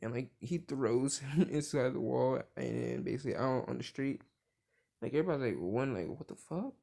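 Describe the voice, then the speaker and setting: A young man with a mellow, medium-pitched voice and some vocal fry retells a cartoon crossover story at a moderate pace. He rambles casually, packing in constant "like" fillers and swearing.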